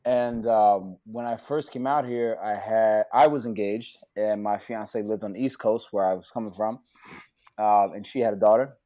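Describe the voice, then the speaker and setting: Animated, profane storytelling man. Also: on the low side, moderate pace, highs cut off. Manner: animated, profane, acts out quotes. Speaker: actor guest. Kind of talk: casual storytelling.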